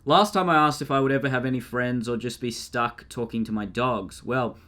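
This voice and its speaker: A man's voice: medium pitch, brisk, bright, forceful tone. Laid-back young man, joking around. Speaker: podcast co-host. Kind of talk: casual chat.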